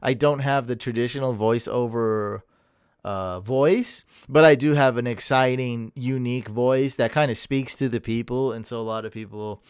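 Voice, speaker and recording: A man hosts a podcast in an energetic, rambling way and often laughs at his own slips. His voice is smooth and resonant, recorded close and dry. He sits at a middling pitch for a man. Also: normal speed, dry recording. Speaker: podcast host. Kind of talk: casual chat.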